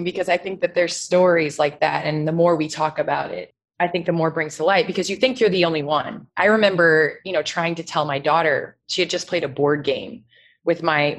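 Woman, moderator, low-pitched, thoughtful, casual conversation. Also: fairly quick. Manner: thoughtful, asks questions.

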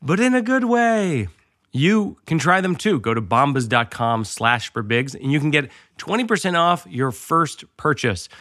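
A man's voice: medium pitch, lively intonation, moderate pace, few pauses, sharp tone, no echo, clean studio sound. A man hosting a podcast, chatting casually and reading ads in a playful, jokey way. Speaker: podcast host. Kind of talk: casual chat and host-read ads.

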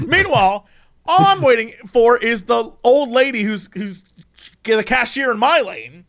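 A man in casual chat, telling an anecdote in an animated way with quick asides and chuckles. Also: extremely high pitch.

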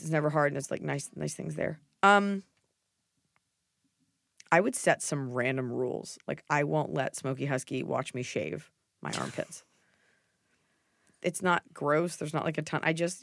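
With a low-pitched, creaky voice and no room sound, this thirty-something woman gives advice on her casual podcast. She's blunt, jokes around, and says "like" a lot.

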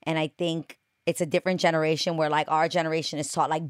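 A woman, chatting as a podcast guest. She is playful and animated and full of slang. Her voice is close to the mic and dry. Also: deep voice, fast, smooth, no room sound. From New York. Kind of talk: casual podcast chat.

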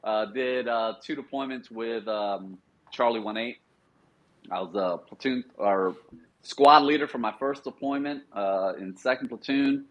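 A man's voice: measured pace, dull audio. A middle-aged man, a former Marine, telling service stories in a casual interview and acting out the officers he quotes. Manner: animated storyteller, acts out quoted officers in a higher voice. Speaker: podcast guest, former Marine sniper.

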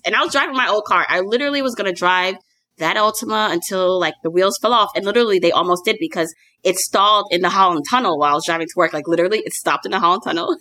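Woman, bright tense voice, low pitch, casual chat, dry sound. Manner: quick, laughing anecdotes.

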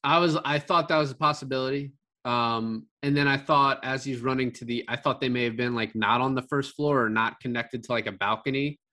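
Man, bright voice, casual film talk, animated, swears for emphasis. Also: medium pitch, fairly quick. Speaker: podcast co-host discussing a film. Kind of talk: casual conversation.

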